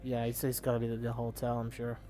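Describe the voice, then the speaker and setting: A man's voice: medium pitch, completely flat delivery, fast talker, mellow, soft background music. A man hosting a let's play, giving rambling, casual gameplay commentary with the odd swear.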